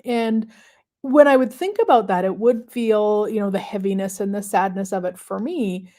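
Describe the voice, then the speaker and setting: A woman hosting a live stream, talking casually and reflectively to viewers with many pauses and fillers. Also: mid-range voice, warm tone. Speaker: host of a manifestation livestream.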